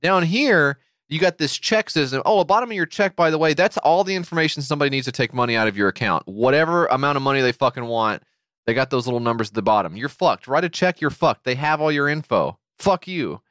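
Lively, profane ranting man. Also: medium pitch, quick pace, no room sound, clean studio sound. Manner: acts out quoted voices. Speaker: podcast co-host. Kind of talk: casual chat.

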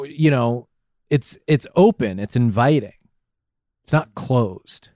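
A man's voice: medium pitch, normal speed, mellow, no room sound. Male comedy co-host, bossy coaching tone, dry close sound. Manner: bossy, explains and coaches the others. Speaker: podcast co-host. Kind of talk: comedic banter.

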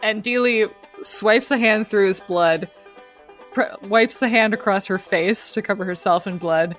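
A woman's voice: mid-range voice, unhurried, fairly bright tone, soft background music. A woman playing a tabletop game, casually narrating her character's actions. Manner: casual, storytelling. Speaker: player.

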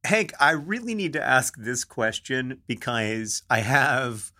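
A man's voice: medium pitch, very animated, slow, pushed and bright. A middle-aged man co-hosting a podcast, chatting casually with a wry, dry sense of humor. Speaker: podcast co-host.

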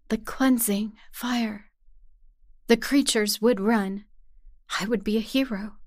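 A woman narrating a first-person horror story in a tense, hushed way. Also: fairly high pitch, no room sound, studio quality. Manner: tense, hushed storytelling that rises to anguished cries.

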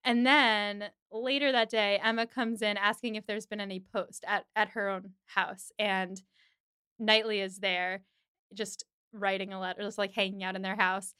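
A woman's voice: medium pitch, little pitch movement, moderate pace, pushed and bright, clean tone, no echo, studio quality. A woman hosting a podcast, chattily recapping a TV episode and leaning on "like" as she talks. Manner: chatty retelling, heavy use of "like".

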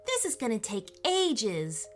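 A woman voicing a sensible, kind young girl in a storybook, speaking in a bright, earnest and reassuring way. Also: a little high, huge pitch swings, slow pace, faint music behind, full character voice. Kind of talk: storybook character voice.

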